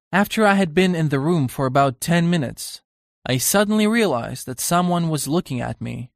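A man's voice: on the high side, gravelly, no echo, studio quality. A man voicing an earnest young painter in an audiobook, confiding and uneasy in tone.

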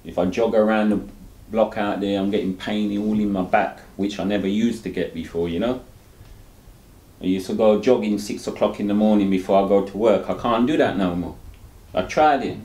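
In this interview, a man on dialysis talks openly at normal speed in a fairly low, darkish voice. He wanders in his answers, keeps adding "you know," and laughs ruefully now and then; the room echoes.

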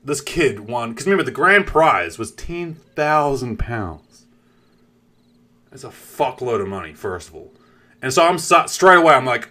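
A man chats to his live-stream audience, telling a long, rambling story and swearing freely. His pitch swings widely from line to line. His voice has a bright, forward edge. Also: normal speed. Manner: animated, swears freely, talks straight to chat.

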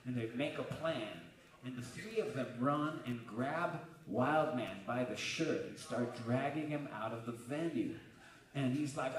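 Guitarist telling a crude story on stage. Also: male voice, medium pitch, normal speed. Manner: casual, swearing, animated storyteller. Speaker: guitarist in a live band. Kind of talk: comic story told on stage between songs. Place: on stage at a brewery music venue. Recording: roomy live venue from far off.

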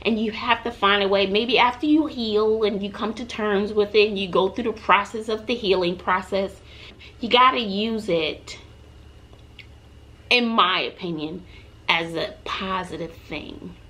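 A woman's voice: mid-range voice, unhurried, a bit bright. A middle-aged woman from Texas telling personal stories on her vlog in a chatty, heartfelt, motivational way, talking straight to her viewers. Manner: earnest, emotional, chatty, addresses viewers directly. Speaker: vlogger.

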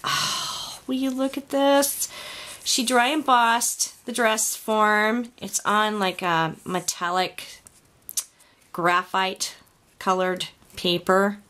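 Speaking slowly in a steady, medium-pitched voice, a woman unboxes a craft gift box for her home vlog. She gushes and exclaims softly, filming in her craft room with a camera on a tripod.

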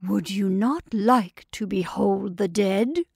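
A sly, self-satisfied male waiter, put on by a woman storyteller, leaning close with a drawling, conspiratorial murmur that slips into whispers. The voice sits higher and louder than her narration, with a gravelly edge and a dry, close sound in a storybook reading. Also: slow pace, no echo, heavily acted. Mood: confiding. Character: sly, wheedling male inn waiter, secretive.

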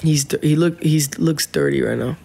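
A man's voice: fairly high pitch, normal speed, creaky, mellow, reverberant, slight background noise. A man livestreaming from home, pleading with viewers over and over and thanking them by name. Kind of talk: casual livestream chat. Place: home room.

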